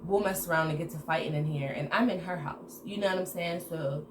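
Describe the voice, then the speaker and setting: A woman telling a casual story to her viewers in an animated way, acting out the dialogue. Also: fairly low pitch, brisk. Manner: animated retelling with acted-out quoted dialogue. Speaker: storytime vlogger. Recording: echoey room with background noise.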